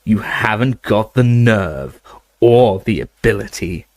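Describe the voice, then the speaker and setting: A slow, sneering cold wizard, as a man reads him. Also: lowish voice, no echo, lightly acted. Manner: slow, drawn-out, contemptuous delivery. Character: cold sneering male wizard teacher, middle-aged. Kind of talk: dramatic audiobook reading.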